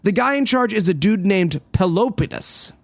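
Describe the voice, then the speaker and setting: A man co-hosting a comedy podcast, telling a story with deadpan, playful jokes. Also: sits high, moderate pace, gravelly, no room sound. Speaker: podcast host.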